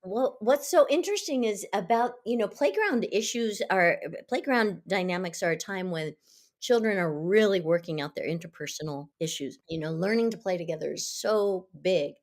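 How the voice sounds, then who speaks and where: A woman guest speaking as a Montessori educator, earnest and animated, explaining with lively asides. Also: medium pitch, moderate pace. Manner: earnest, animated, acts out children's voices. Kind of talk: conversational interview answers.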